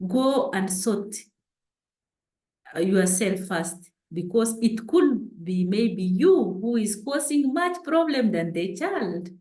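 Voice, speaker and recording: A woman's voice: mid-range voice, animated, slow pace, dark tone, roomy sound, rough recording. A woman giving earnest parenting advice on a panel talk. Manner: earnest, exhorting. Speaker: parenting speaker.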